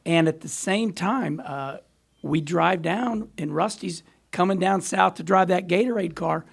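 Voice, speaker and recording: A man's voice: high voice, unhurried, vocal fry, husky. A middle-aged man, a podcast guest, telling rambling stories in casual chat and laughing often. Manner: animated, rambling storyteller who laughs often. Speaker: podcast guest, former racer.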